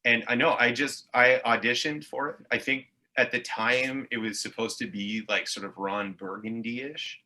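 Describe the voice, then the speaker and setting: Bright-voiced rambling Montreal man. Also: mid-range voice, fairly even intonation, normal speed, few pauses. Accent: English Canadian (Montreal Anglophone). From Montreal, Quebec. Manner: rambling, tangential storytelling with frequent swearing. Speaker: guest, actor and improviser. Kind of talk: casual podcast chat.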